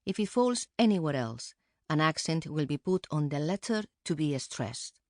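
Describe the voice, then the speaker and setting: A woman co-presenting a pronunciation course with calm, careful explanation, recorded close on a studio mic. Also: sits low, moderate pace, dry recording. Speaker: Spanish co-presenter. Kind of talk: scripted instructional narration.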